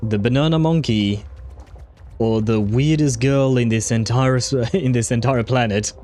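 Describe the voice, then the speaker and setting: A man hosting a livestream, casually commenting on a game as he plays, chatty and quick to laugh, with occasional swearing. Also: medium pitch, darkish tone. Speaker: livestream host playing a game.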